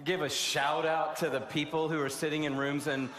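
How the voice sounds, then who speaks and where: A man's voice: a little high, flat delivery, moderate pace, fairly bright tone. A man hosting a conference from an arena stage, gushing and loose, with lots of fillers. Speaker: conference host. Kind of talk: excited stage address. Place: large indoor arena. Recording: echoey arena with crowd noise.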